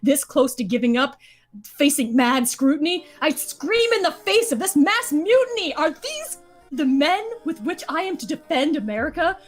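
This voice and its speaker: A woman's voice: high-pitched, lively intonation, normal speed, soft background music. A woman voicing a weary adult male general leading outnumbered troops, delivering the lines in a rhythmic, rap-like way. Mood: urgent. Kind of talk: live dramatic read-through of a musical.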